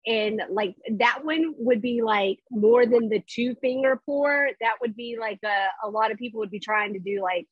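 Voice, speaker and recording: Give me a breathy woman co-hosting a casual chat, a bit high, over a dull dry call. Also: moderate pace, few pauses, no room sound. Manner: chatty, leans on "like". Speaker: podcast co-host. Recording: dull, lo-fi sound.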